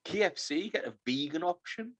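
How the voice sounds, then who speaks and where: A man's voice: fairly high pitch, animated, moderate pace. A man, co-hosting a podcast with joking, wound-up banter in casual chat. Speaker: podcast co-host.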